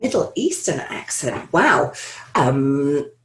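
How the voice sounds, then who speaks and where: A woman's voice: low voice, big pitch swings, slow pace. A woman speaking as an accent coach in an interview, chatting loosely with many "you know" fillers, over a video call. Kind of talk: conversational interview answers.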